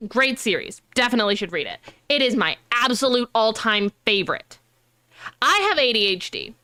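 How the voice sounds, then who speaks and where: A young woman streamer chatting casually, animated and rambling, with frequent swearing. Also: on the high side, normal speed.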